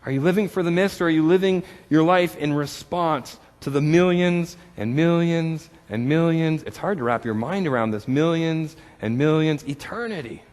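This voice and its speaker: A man preaching a sermon as pastor, earnest and questioning, rising in his appeals and dropping quiet on key words. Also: fairly high pitch, moderate pace, hardly any pauses, big-room sound.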